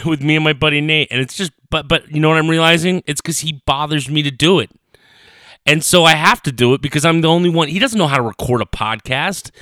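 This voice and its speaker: A man's voice: medium pitch, pushed and bright, smooth, no echo, clean studio sound. A young man hosting his own podcast from his parents' kitchen, rambling and swearing in a heated rant. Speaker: podcast host. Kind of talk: casual solo podcast rant. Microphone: home recorder on a computer.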